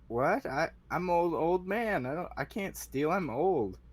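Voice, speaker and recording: A man's voice: a little high, expressive, a little slow, voice pushed up. A man voicing a doddering old male janitor who rambles and plays dumb. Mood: pleading. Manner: feigned frail, rambling, playing dumb.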